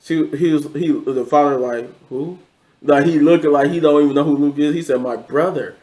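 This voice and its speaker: A man's voice: a little high, fairly even intonation, quick pace, darkish tone, poor audio. A man casually recapping a TV episode, rambling, with many restarts and quoted lines. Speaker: show reviewer.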